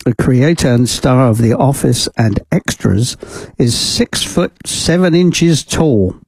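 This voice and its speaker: A chatty male radio presenter with a gravelly, warm, husky voice. His pitch bounces around in a lively way as he rambles through trivia with fillers. The sound is dry and close, straight from a studio mic. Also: no echo. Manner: chatty, rambling with fillers and self-amused laughs. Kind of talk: casual radio chat. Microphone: studio microphone.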